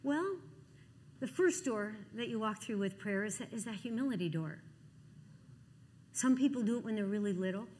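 A woman in her sixties giving a lively testimony sermon, acting out the people in her stories. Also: mid-range voice, in a large hall, slight background noise. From Cleveland. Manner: animated storytelling, acting out dialogue. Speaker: Christian speaker.

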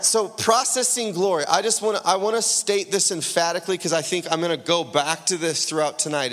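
A pastor preaching a sermon, telling stories with lively acted-out quotes and quick asides. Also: male voice, on the high side, long reverb tail. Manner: animated storytelling, acting out voices in quotes.

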